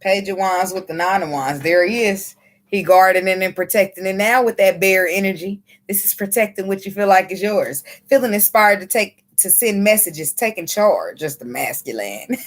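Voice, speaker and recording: A woman reading tarot cards in a loose, chatty way, with a voice of middling pitch. She gets worked up easily, laughs a lot and swears without a second thought. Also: brisk. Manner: excitable, laughs often, swears freely. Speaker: tarot reader.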